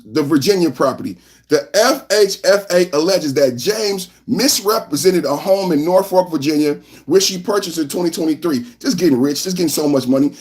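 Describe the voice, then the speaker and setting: Man, high voice, podcast host, loud sing-song hype, chanting and shouting. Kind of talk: live-stream commentary and news reading.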